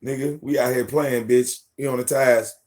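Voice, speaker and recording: A man in his forties hosts a live stream and tells stories in a loose, profane way. He acts out what people said with lively, jumping delivery. His voice sits at an ordinary middle pitch. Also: moderate pace. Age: 40s. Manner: profane, animated, acts out quotes. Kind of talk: casual storytelling.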